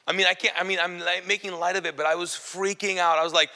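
A man giving a personal testimony to an audience, telling his story with animated, self-mocking humor. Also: sits high, quick pace, big-room sound.

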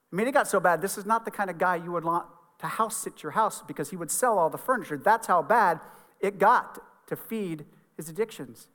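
A man's voice: high-pitched, bright, forceful tone. Man preaching in a reverberant hall. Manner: conversational, earnest storytelling. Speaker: pastor. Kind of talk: sermon. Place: church sanctuary.

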